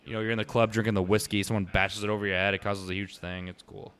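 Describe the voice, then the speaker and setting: A young man co-hosting a podcast in casual chat, animated and swearing freely, acting out movie lines as he talks. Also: fairly low pitch, quick pace, clean tone. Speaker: podcast co-host.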